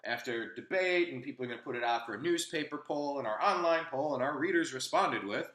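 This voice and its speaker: A man's voice: medium pitch, animated, brisk, fairly bright tone, roomy sound. A man hosting a casual opinion chat, telling a rambling anecdote with frequent restarts. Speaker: host.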